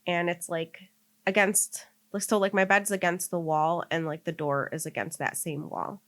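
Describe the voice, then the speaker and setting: A woman's voice: fairly low pitch, steady tone, normal speed, fairly bright tone. A young woman on a podcast, telling a story in casual chat and rambling with constant filler words. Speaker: podcast co-host.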